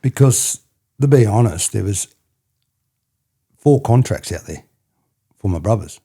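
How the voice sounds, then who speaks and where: Man, Australian accent, middle-aged, deep voice, raspy, rambling casual storyteller, podcast guest. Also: lively intonation, measured pace, mellow. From country New South Wales, Australia. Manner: rambling, repeats "you know what I mean". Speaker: podcast guest, former rugby player.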